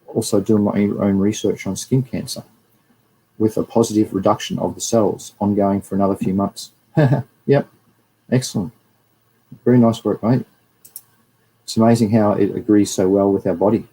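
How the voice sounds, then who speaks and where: Husky, dark-voiced Australian man. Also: lowish voice, fairly even intonation, moderate pace, long pauses, low-quality recording. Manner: chatty, rambling, greets viewers between slides. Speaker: livestream host. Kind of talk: casual livestream lecture.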